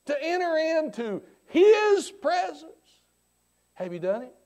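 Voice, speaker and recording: Man, preacher, lively high-pitched delivery, dramatic swings from hush to shout, repeated rhetorical questions, church sermon. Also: slow pace. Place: church sanctuary.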